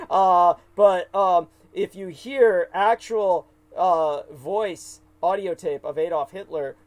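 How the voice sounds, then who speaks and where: A man's voice: high-pitched, a little mellow, rough recording. A man co-hosting a livestream, talking at length in a hesitant, rambling way full of fillers and restarts. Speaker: livestream co-host.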